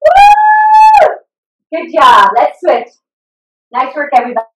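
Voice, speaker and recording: A woman's voice: high voice, animated, normal speed, far from the mic, lo-fi sound, heavy background noise. A woman fitness instructor leading a live online workout, upbeat and encouraging, cheering her class on with whoops. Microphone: video call computer mic. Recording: echoey room, voice a bit off-mic.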